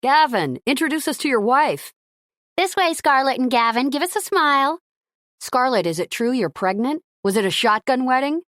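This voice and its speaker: A woman voicing a crowd of pushy reporters shouting questions. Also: sits high, expressive, moderate pace, no echo, clean studio sound, pitched above the performer's own voice. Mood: clamoring. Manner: loud, clamoring.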